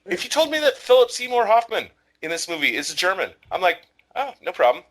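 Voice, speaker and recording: A man co-hosting a casual film podcast with a bright, lively voice pitched somewhat high. He talks animated and emphatic, swearing freely as he makes his point. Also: fast talker. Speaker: podcast co-host.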